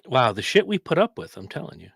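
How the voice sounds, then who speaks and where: A tired man bantering on a podcast in a wry, laid-back manner, his energy plainly drained. His voice is in a middle pitch, captured close and dry with no room sound. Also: very animated, fast talker, gravelly, a bit bright, slightly rough, no room sound. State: worn out. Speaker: podcast co-host. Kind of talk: casual chat.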